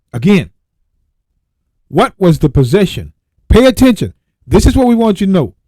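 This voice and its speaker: A man hosting a Bible radio show, reading verses slowly and then breaking off to exclaim and repeat his points. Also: fairly high pitch, mellow, dry recording. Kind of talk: Bible teaching with scripture reading.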